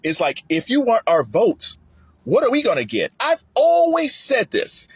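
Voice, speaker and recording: Male commentator, husky voice, lively delivery that climbs when he makes a point. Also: measured pace, no echo. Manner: animated, rising high when emphatic, with frequent restarts. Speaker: commentary vlogger. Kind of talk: political commentary monologue.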